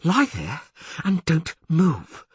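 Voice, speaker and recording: A man's voice: medium pitch, very animated, moderate pace, slightly rough, dry recording, voice pushed up. A man voicing a fierce, proud woman sorceress in an audiobook, with clipped, cold speech. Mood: coldly threatening. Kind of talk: audiobook character voice.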